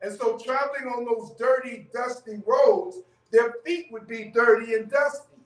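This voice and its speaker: A man's voice: extremely high pitch, moderate pace. A man leading a church Bible study, teaching conversationally and often checking in with "okay?". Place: church room. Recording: echoey room, mic far off.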